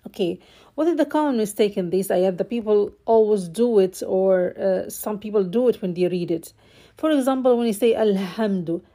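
Slow, mellow-voiced woman teaching recitation. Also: mid-range voice. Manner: slow, drawn-out, corrective, repeats sounds.

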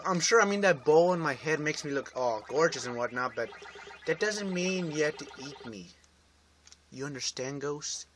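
A man hosting a let's-play video, rambling and joking to his viewers as he plays. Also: fairly high pitch. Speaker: gaming video host. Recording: noisy home recording.

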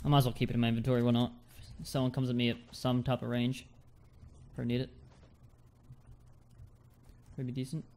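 A man's voice: medium pitch, flat delivery, fast, pauses often, darkish tone, slight background noise. A young man with a light Australian accent giving casual gameplay commentary to viewers, often repeating his words. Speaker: gaming streamer.

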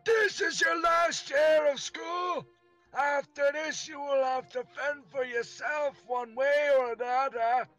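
Casting note: polite young schoolgirl with a put-on Scottish accent, high strained falsetto, slow and drawn-out, as a man does her for a game. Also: fairly even intonation, a bit bright, faint music behind, exaggerated voice, low-quality recording. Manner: slow, drawn-out line reading.

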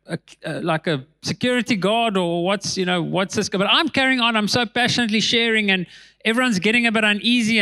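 A man, a pastor telling a story in a sermon, animated and laughing between lines. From South Africa. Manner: animated, laughs between lines, drops voice low for tense moments.

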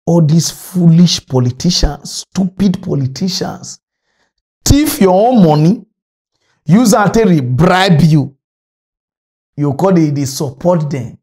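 A political commentator from Delta State, Nigeria, speaking with a Nigerian Pidgin accent, launches into an agitated, scolding rant about politics. His voice is on the high side, warm, and slightly rough, and the monologue is impassioned.

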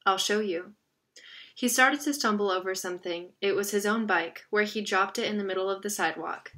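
A woman reading a children's novel aloud in a steady storytelling manner, stumbling over a word now and then. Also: medium pitch, fairly quick. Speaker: narrator.

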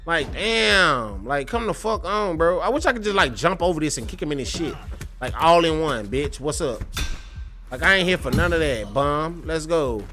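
Faint music sits behind a young man's gameplay commentary as he streams a fighting game. Expressive and highish in pitch at a moderate pace, he swears, trash-talks and vents frustration to chat with loud outbursts.

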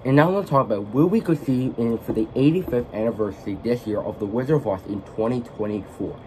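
Rambling, mellow-voiced man reviewing a film. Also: mid-range voice, a little hiss or hum, low-quality recording. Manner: rambling, halting, self-correcting. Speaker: vlogger, film fan. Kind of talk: casual movie review vlog.

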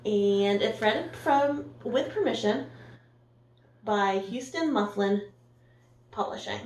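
A woman's voice: mid-range voice, lively intonation, slow pace, reverberant, far from the mic. A woman teacher reading a picture book aloud to her class in a storytime voice, gasping and asking the children questions. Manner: warm, sing-song, gasps and asks the listeners questions.

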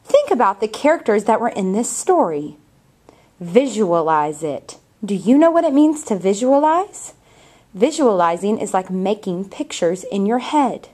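A woman teacher reading a picture book aloud to young children and asking them questions in a clear, patient way. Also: medium pitch, sing-song, measured pace, warm tone.

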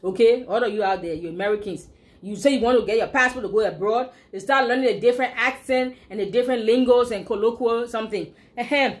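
A woman's voice: on the high side, fast. A woman with a Liberian English accent, giving emphatic opinionated commentary as a blogger and scolding with rhetorical questions.

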